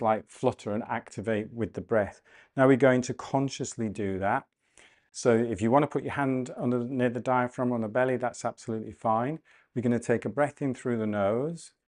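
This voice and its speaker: A man leading a guided breathing and mobility class, cueing calmly and gently, often slowing down and repeating phrases. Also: medium pitch. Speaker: movement and breathwork instructor. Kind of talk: guided exercise class instruction.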